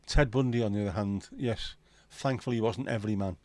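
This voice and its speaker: A man's voice: on the low side, a little fast, darkish tone, no room sound. A man hosting a casual livestream chat, reading out viewer comments in a bantering, crude, sweary way. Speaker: livestream host.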